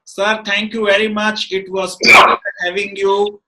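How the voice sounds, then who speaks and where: A man's voice: sits high, completely flat delivery, a little slow, very noisy. A man with an Indian English accent hosting an interview, speaking deferentially and measuredly, with many fillers. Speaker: interview host. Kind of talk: interview wrap-up and commentary.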